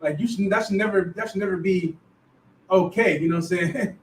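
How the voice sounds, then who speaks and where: A man in a Bible class reading scripture aloud and chatting in a relaxed, rambling way. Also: high-pitched, brisk, a little hiss or hum. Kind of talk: scripture reading and casual chat. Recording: echoey room, far from the mic.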